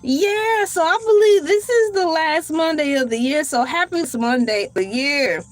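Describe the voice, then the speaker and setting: Dramatic high-voiced woman streamer. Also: normal speed, soft background music. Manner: animated and dramatic, bursts into shouts and laughter. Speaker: livestream host. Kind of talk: casual live-stream chat.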